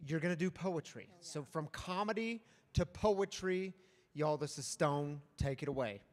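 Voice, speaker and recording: A man's voice: fairly high pitch, unhurried. A man hosting an open mic, thanking performers and calling up the next one in an upbeat way. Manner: upbeat, calls for applause. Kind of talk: emcee introductions.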